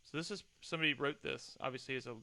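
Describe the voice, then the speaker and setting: A man's voice: mid-range voice, quick pace, vocal fry, sharp tone. A young adult man hosting a solo podcast, chatting in a rambling, self-deprecating way at a desk mic. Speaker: podcast host.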